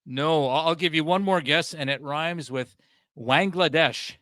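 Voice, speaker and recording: A Canadian man hosts a casual comedy podcast, his voice bright and punchy and a touch high. He laughs a lot and gets excited easily. The sound is dry and close. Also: normal speed, smooth, dry recording. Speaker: podcast host.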